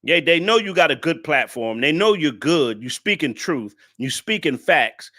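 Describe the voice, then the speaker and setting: A man's voice: a little high, expressive, measured pace, hardly any pauses, pushed and bright. A man hosting a reaction video, talking in blunt, profane, ranting commentary and scolding his viewers. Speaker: male content creator reacting to a video.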